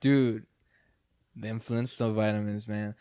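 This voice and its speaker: A man in casual podcast chat, talking in excitable, halting bursts with laughing interjections. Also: fairly low pitch, clear, resonant tone, no echo, studio quality.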